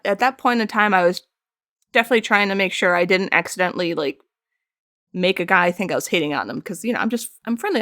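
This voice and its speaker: A woman's voice: medium pitch, no echo, clean studio sound. A woman in her thirties streaming while she paints, chatting casually and telling stories, acting out the lines of the people in them and laughing often. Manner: animated storytelling, acts out quoted lines, frequent laughs. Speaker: art streamer.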